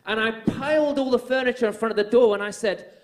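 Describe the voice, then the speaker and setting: A man preaching a sermon, telling stories earnestly and rising to loud, emphatic peaks. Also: very high voice, quick pace. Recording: echoey room.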